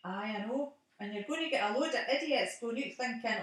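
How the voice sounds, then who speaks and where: A woman's voice: a little high, brisk, heavy reverb, recorded from a distance. A middle-aged woman with a Scottish accent, chatting casually on the phone at home and laughing often.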